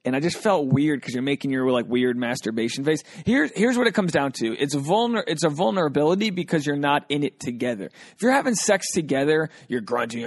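A man's voice: on the high side, animated, fairly quick, few pauses, dry recording, studio quality. A young adult man hosting a casual solo podcast, joking loosely as he reads out and riffs on listener questions. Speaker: podcast host.

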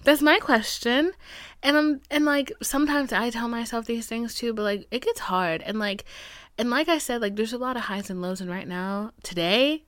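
A woman's voice: fairly high pitch, normal speed, fairly bright tone, dry recording, studio quality. Blunt, heated young woman podcaster. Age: 20s. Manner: blunt, profane, heated venting with whispered asides. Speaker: podcast host. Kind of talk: candid solo podcast talk.

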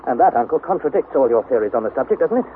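A man's voice: mid-range voice, animated, racing, lightly acted. A man playing an earnest, anxious young nephew narrating. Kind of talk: 1960s radio drama narration and acting. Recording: tinny, hissy old radio broadcast.

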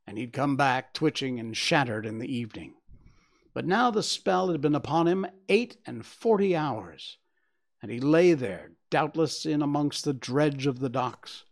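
A man narrating a classic detective story as an audiobook, measured and sombre, dropping low at the ends of phrases. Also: vocal fry.

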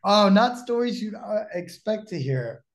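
A man's voice: high voice, very animated, measured pace. A man who is a pro wrestler, telling stories as a guest on a podcast, acting out the people in them and laughing often. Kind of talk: casual podcast storytelling.

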